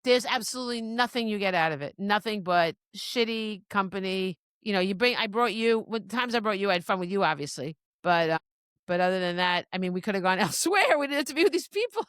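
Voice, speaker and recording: A woman's voice: medium pitch, lively intonation, fast talker, a bit bright, clear, resonant tone, no echo. A middle-aged woman chatting on a podcast in a rambling way, often restarting her sentences and breaking into laughs. Her voice sits in an ordinary middle register. It sounds dry and close, with no room around it. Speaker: podcast co-host. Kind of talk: casual chat.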